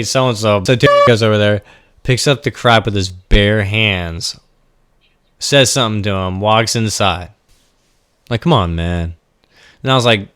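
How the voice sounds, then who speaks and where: Animated young man telling a story. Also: fairly low pitch. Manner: animated, swearing, laughing at his own story. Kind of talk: casual storytelling.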